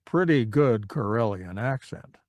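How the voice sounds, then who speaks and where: A laid-back, wry pilot commander, read by a man in an audiobook, casually understated with a lively pitch. The sound is close and dry. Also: measured pace, no room sound. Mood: wry, relaxed. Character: easygoing, wry male fighter commander. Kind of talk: audiobook character reading.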